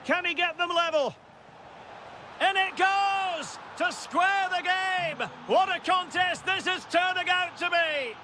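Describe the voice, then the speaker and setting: Brief: a video game football caller, high-pitched and excitable, snapping out names and spiking on chances. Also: male voice, measured pace, a little hiss or hum. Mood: lively. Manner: short calls that rise sharply at chances and goals. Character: excitable male football play-by-play commentator. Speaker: play-by-play football commentator. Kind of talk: video game match commentary.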